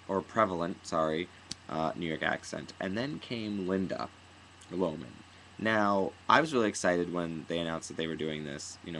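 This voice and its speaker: A man with a notably deep voice talks through an opinionated theater review, rambling and restarting his sentences. He now and then acts out lines in an exaggerated voice. A faint hiss sits under the recording. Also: a bit bright, rough recording. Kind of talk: casual spoken review.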